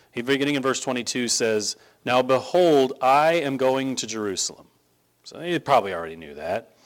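A man preaching in a conversational Bible-teaching style, emphatic and lively, often repeating words for stress. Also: on the high side.

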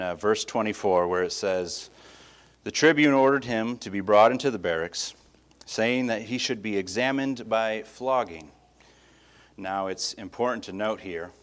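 Low-voiced man teaching scripture casually. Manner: conversational, frequent restarts and asides. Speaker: Bible teacher. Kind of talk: casual Bible study teaching.

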